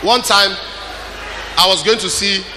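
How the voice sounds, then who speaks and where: A man preaching a sermon, moving from loud exhortation to quiet storytelling. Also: high-pitched, a little slow, background noise. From Nigeria. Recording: music behind the voice.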